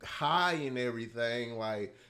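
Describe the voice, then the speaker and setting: A man hosting a casual TV reaction video, talking to his viewers, swinging from quiet musing to loud excited hype. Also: medium pitch, measured pace. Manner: excitable, addresses viewers as y'all, drifts between hushed musing and loud hype.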